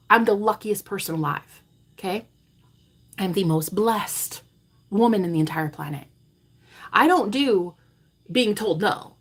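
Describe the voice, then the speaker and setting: A woman in her thirties, a spiritual coach, talking to her vlog viewers in a dramatic, swearing monologue that swings between loud declarations and hushed asides. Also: mid-range voice, expressive, a little slow, pauses often, husky. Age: 30s.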